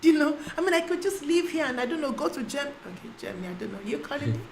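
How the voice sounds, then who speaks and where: Animated woman podcast host. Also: high voice, rapid-fire, slight background noise. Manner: animated, asks frequent tag questions. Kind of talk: casual discussion.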